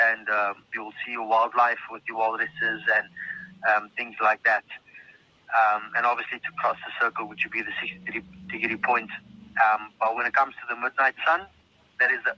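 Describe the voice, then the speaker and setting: A man's voice: medium pitch, muffled recording. A man with a South African accent, a travel agent explaining things on a call, hesitant and full of ums.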